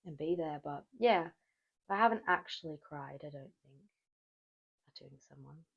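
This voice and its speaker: A woman's voice: low voice, lively intonation, moderate pace, vocal fry, slightly rough, dull audio. A woman from Australia with an Australian accent, a tattoo artist talking thoughtfully and openly about her feelings as a podcast guest. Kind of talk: casual podcast chat.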